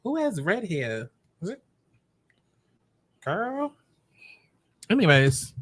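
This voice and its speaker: Sassy high-voiced man, blunt and dramatic. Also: big pitch swings, very slow, fairly bright tone, no echo. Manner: eating while talking. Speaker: commentary host. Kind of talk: reaction commentary.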